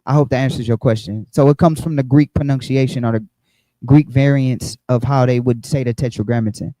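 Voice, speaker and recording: A man's voice: mid-range voice, fairly even intonation, fairly quick, warm tone, no room sound, low-quality recording. A man teaching an online Bible study, explaining with frequent restarts and repeated words.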